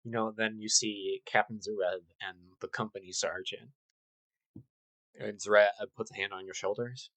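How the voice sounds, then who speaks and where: A man running a tabletop role-playing game, narrating in a casual, halting way. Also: on the low side, fairly even intonation, bright, forceful tone, dry recording, poor audio. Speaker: game master.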